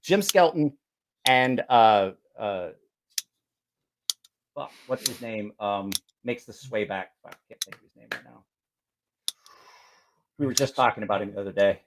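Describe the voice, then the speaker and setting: A man's voice: lowish voice, animated, a little slow, pauses often, background noise. A man hosting a casual podcast chat, a blunt and profane storyteller who acts out both sides of his anecdotes. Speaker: podcast host and knife sharpener.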